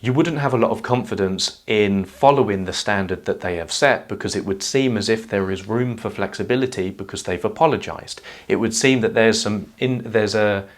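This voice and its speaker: A man calmly explaining social skills in a measured whiteboard lesson. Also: on the low side. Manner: calm, measured teaching delivery. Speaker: self-help educator.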